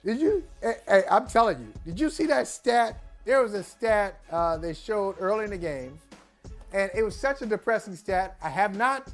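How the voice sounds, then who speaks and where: A man's voice: high-pitched, big pitch swings, normal speed, faint music behind. A man on a sports talk show, talking in a casual, emphatic way and piling on disbelief. His delivery is plain and conversational, full of rhetorical questions. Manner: emphatic, incredulous ranting.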